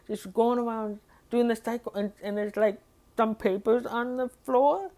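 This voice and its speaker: A woman's voice: on the high side, normal speed, warm tone. A woman talking through a hard day in a personal diary vlog, rambling and emotional, with sighs and nervous laughs. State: upset and overwhelmed. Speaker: vlogger.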